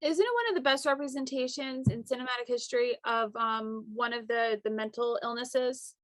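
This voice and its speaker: A young woman talks about a film in a chatty podcast style, leaning on filler words as she thinks. Her voice sits a bit high, and the recording is close and dry. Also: moderate pace, a bit bright, dry recording. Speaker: podcast co-host. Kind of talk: casual podcast chat.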